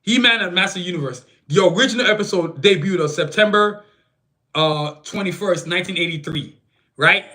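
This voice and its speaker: A man with a voice that sits high hosts a solo podcast at a moderate pace, recorded on a phone camera. He talks casually and animatedly, full of slang, and launches into heated, opinionated rants.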